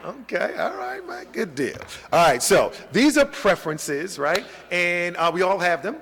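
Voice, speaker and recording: A middle-aged man from New York City lectures with energy and keeps drawing in his audience. His voice sits a little high for a man. It rings with a long reverb, as from a big hall. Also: a little slow, gravelly, a little hiss or hum. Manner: energetic, audience-engaging, frequent "okay?" and "right?" check-ins. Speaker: college professor leading a bias training. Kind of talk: interactive training lecture. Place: large hall with a live audience.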